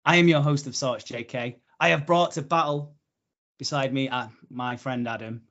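A man hosts a casual podcast, trading quips and laughing easily. His delivery is relaxed and playful, with an everyday mid-range voice. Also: mid-range voice, normal speed, highs cut off. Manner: jokey, laughs often. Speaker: podcast host.

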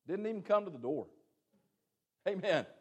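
A man's voice: high voice, lively intonation, moderate pace, highs cut off. A man preaching a sermon, folksy and dramatic, calling for amens and acting out scripture.

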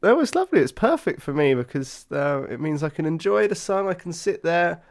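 A man co-hosting a podcast in casual chat, dry and teasing with quick interjections. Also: fairly high pitch, big pitch swings. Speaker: podcast co-host.

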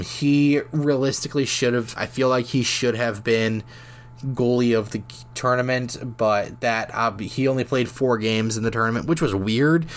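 A man hosting a solo hockey podcast, talking casually with lots of fillers and restarts while he has the hiccups. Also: mid-range voice. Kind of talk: solo sports podcast talk.

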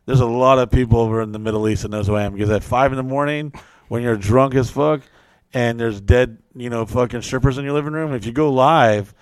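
Man, podcast host, casual profane storytelling, mid-pitched voice, dry close sound. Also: brisk, clean tone, no room sound.

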